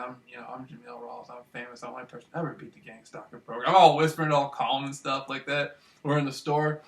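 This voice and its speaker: A man talks to camera in a bright, forceful, slightly high voice, pushing hard then dropping to a near murmur. He keeps checking in with his listener. The sound is roomy and echoey, with him set back from the mic. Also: recorded from a distance. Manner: animated, repetitive, keeps asking "you know what I mean"; swings between loud bursts and hushed murmurs. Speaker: vlogger. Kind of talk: casual monologue to camera.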